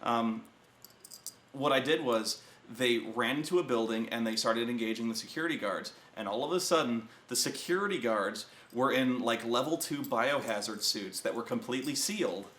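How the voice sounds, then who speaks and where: Dude host rambling thru a tabletop war story, cussing, roomy echo, regular pitch. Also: male voice, normal speed. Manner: profane, animated, acts out players and himself in shouted bursts. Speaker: web show host telling a tabletop gaming story. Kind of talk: casual storytelling rant.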